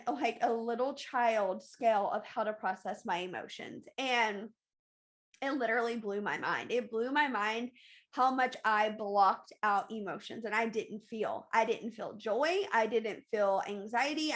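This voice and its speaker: A woman's voice: a little high, fairly bright tone. A woman hosting a podcast, talking candidly and emphatically in a casual confessional monologue, often repeating phrases for stress. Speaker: podcast host.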